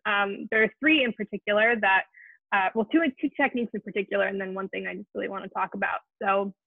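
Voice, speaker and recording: A woman hosting an online support Q&A, speaking in a gentle, earnest way with frequent restarts. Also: mid-range voice, gravelly, dry recording. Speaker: host of a support Q&A. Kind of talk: casual heartfelt talk to an online group. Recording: tinny phone-like line, very dry.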